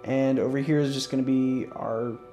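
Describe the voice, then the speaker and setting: A man hosting a casual let's-play, talking through his moves in a relaxed, rambling way with lots of fillers and restarts, yawning and sleepy. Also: mid-range voice, moderate pace. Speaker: gaming channel host. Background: faint game music.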